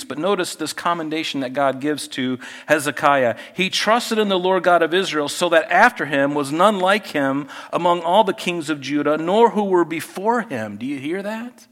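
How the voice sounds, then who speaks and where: A man's voice: on the high side, a bit bright. A middle-aged male pastor preaching a conversational sermon, often asking the congregation questions.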